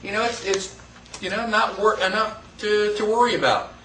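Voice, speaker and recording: A man teaching a class in a lively lecture, quizzing the students and acting out quotes. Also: high-pitched, moderate pace, a little hiss or hum. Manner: animated, asks the class questions, acts out quotes. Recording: echoey room, voice from far off.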